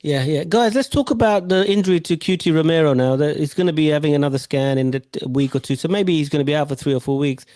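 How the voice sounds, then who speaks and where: Brief: male host, slightly high voice, chatty, dry close mic. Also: darkish tone, no echo. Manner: chatty, quick to pass questions around. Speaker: host reading viewer comments. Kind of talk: casual podcast hosting.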